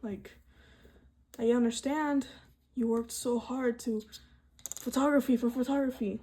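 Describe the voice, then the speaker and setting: A young woman in her twenties, an art student, chatting casually in soft ASMR style while painting, rambling to herself with lots of fillers. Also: fairly high pitch, fairly even intonation, unhurried, breathy edge. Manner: rambling soft-spoken self-talk with frequent fillers.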